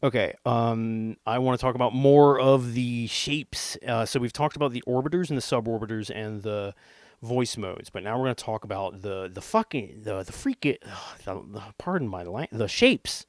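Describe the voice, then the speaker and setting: A man's voice: mid-range voice, animated, normal speed, dry recording. Casual guy demoing a synth. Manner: rambling and jokey, with swearing and silly put-on accents. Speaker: gear reviewer demonstrating a synth. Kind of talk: casual demo walkthrough. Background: synthesizer tones playing.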